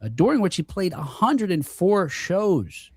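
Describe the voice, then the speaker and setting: A man's voice: high voice, very animated, unhurried, husky, dry recording, studio quality. A middle-aged man hosting a casual live-streamed chat, talking with lots of fillers and restarts over a video call. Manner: chatty, with many fillers and restarts. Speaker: host.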